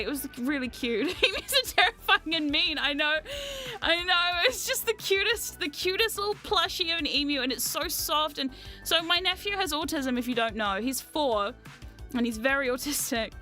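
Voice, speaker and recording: A woman vlogger chatting casually, telling animated stories, often laughing and swearing freely. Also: high-pitched, normal speed, faint music behind. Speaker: VTuber vlogger. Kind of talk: casual storytelling chat.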